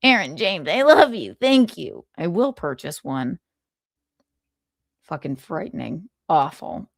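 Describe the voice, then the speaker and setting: A woman hosts a casual gossip livestream at an unhurried, drawn-out pace. She talks sarcastically and rambles, with frequent swearing. The sound is dry and close, with little room echo. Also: sits low, very animated, creaky.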